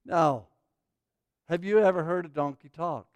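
Brief: male pastor, high smooth voice, lively storytelling sermon. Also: unhurried, no echo. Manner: animated storytelling preacher.

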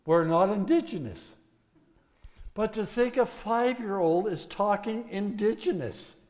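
A man's voice: high-pitched, unhurried, a little mellow. An older man preaching as a pastor, folksy and emphatic, with a closing blessing. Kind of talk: sermon. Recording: long hall reverb.

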